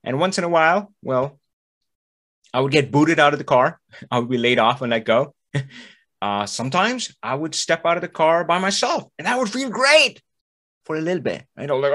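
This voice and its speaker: A man's voice: medium pitch, normal speed. A man hosting a podcast, talking in a motivational monologue and acting out the voices of the people he quotes. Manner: animated, acts out quoted voices. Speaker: podcast host. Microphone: studio mic, audio only.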